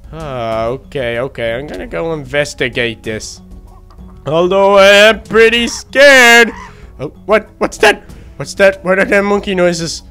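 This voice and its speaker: A man voicing a timid, excitable young male baby duck in a game role-play, gasping and easily frightened. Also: high voice, a little slow, clean tone, soft background music, exaggerated voice. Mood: scared. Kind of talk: Minecraft role-play narration.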